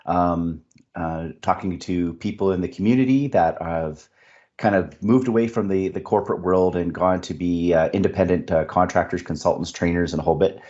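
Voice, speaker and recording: A man's voice: low voice, normal speed, darkish tone, muffled recording. A man with a Canadian accent hosting a podcast interview, chatting casually with hesitant fillers and restarts. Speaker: podcast host.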